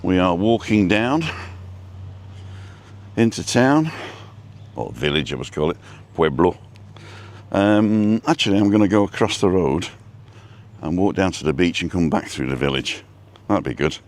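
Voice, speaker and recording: Guy, really deep voice, rambling live stream chat on a selfie stick phone while out walking. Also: expressive, a little slow, long pauses. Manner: rambling, chatty, greets viewers by name. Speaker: vlog host. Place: outdoors, walking down a street.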